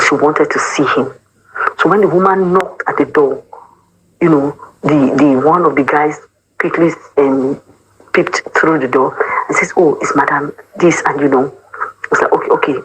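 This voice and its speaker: A woman's voice: low voice, a little hiss or hum, low-quality recording. A young woman from Cameroon, giving an emotional personal testimony about her time in a church choir, acting out what other people said and mixing pidgin words into her English. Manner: animated storyteller who acts out the quoted speech of others. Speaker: former church choir member.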